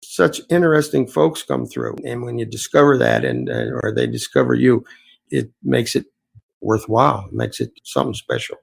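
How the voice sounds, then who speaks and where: A man's voice: mid-range voice, expressive, normal speed, vocal fry, slightly rough, rough recording. A man, an innkeeper, earnestly telling reflective, rambling stories as an interview guest. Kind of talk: storytelling interview answers.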